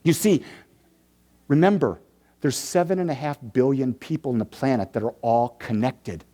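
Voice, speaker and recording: A warm-toned minister in his fifties from the Detroit area, USA, delivers a sermon in a medium-pitched voice at normal speed. He tells stories with playful asides and builds his points through repetition.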